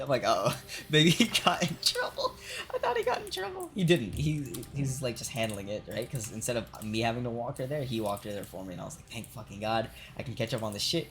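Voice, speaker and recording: A young adult game streamer telling a long work story while playing, swearing often, laughing, and filling with "like" and "right?". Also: medium pitch. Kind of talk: casual rambling storytelling while gaming.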